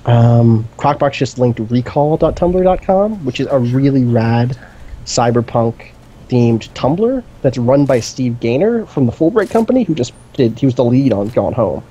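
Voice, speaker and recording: A man's voice: medium pitch, animated, measured pace, dark tone, slightly rough, dull audio. A man co-hosting a gaming stream, talking in a casual, enthusiastic, rambling way with lots of fillers. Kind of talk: casual chat. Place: indoor streaming setup.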